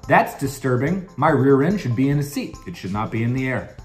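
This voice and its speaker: A man's voice: mid-range voice, very animated, brisk, soft background music. A man giving dry, sarcastic commentary on theme park rides. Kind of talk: casual group chat. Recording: roomy echo.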